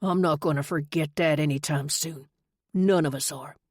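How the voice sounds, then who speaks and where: A woman voicing a gruff young rancher man with a hoarse, husky voice in an audiobook. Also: deep voice, normal speed, a little mellow, no room sound, clean studio sound. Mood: gruff, emotional.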